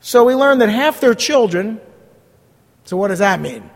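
A middle-aged man pastors his congregation with an earnest, blunt, emphatic delivery. His voice sits noticeably high for a man. The sermon rings through a big hall with a long, trailing reverb. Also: animated, measured pace.

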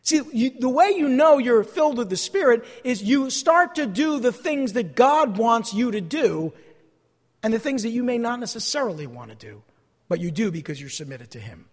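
A man preaching a sermon as pastor, emphatic, repeating key phrases and swinging between loud declarations and hushed asides. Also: extremely high pitch, sing-song, normal speed. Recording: long hall reverb.

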